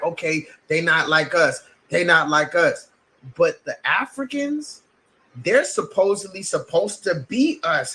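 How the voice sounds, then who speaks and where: A man's voice: high voice, a bit bright. A man from the United States giving blunt, emphatic, profane livestream commentary. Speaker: streamer.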